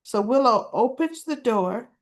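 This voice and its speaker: A woman casually recapping a soap-opera episode in a chatty, animated way. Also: a little high, measured pace. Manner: chatty, animated retelling with laughs.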